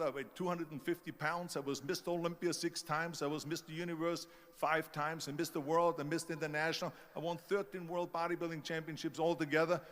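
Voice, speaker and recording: A man's voice: on the high side, fairly bright tone. German-accented older man, big hall echo. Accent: Austrian German. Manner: storytelling, acts out quoted doubters. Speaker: motivational speaker. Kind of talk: motivational speech. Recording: long hall reverb.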